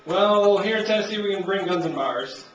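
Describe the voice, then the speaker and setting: Young guy doing stand-up, kinda high voice, rambly and laid-back, heard from way back in a muffled club recording. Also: normal speed, heavy background noise. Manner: laid-back rambling delivery, acts out characters in raised voices. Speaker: stand-up comedian. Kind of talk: stand-up comedy set. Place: comedy club stage. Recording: distant, roomy, muffled amateur club recording. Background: audience laughter.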